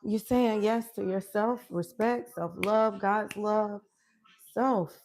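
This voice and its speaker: A woman coach talks to her viewers from her home workout space. She is emphatic and affirming and laughs easily. Her pitch sits in the middle range. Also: steady tone, takes it slowly, darkish tone. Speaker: wellness coach. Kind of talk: live-stream motivational chat.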